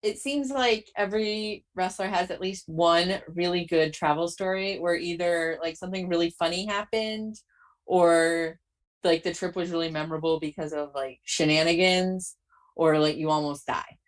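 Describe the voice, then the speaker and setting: A woman's voice: on the low side, normal speed. A woman hosting a casual chat, asking her guest questions in a talkative way full of fillers. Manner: chatty, full of "like". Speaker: host.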